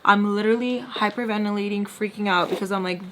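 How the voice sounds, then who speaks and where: A young woman vlogger telling a story in casual chat while doing her makeup. She is animated, packs her talk with fillers and drops into whispered asides. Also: medium pitch, quick pace, few pauses, noisy background. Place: home room, doing makeup.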